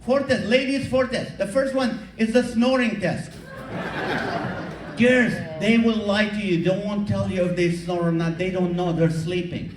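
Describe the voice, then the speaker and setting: A man doing stand-up comedy, teasing the audience in an animated way, recorded live from the crowd. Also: sits high, measured pace, distant mic, background noise. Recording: echoey hall taped from the audience. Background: audience laughter.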